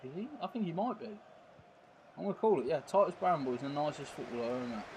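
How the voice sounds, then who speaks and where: A man's voice: a little high, lively intonation, fast, background noise. A man chatting casually while live-streaming a football video game, rambling and full of tag questions.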